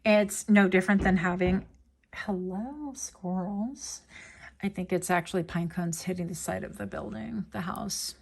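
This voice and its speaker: A woman's voice: on the low side, steady tone, normal speed, vocal fry, hardly any pauses. A woman giving a casual pick-a-card tarot reading, chatty and digressive with playful asides. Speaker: tarot reader.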